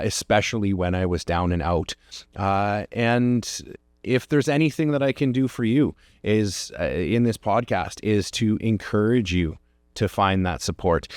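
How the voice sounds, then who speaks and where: A man's voice: fairly low pitch, darkish tone, no echo, studio quality. A man hosting a podcast, telling a personal story in an earnest, reflective way and encouraging his listeners. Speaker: podcast host.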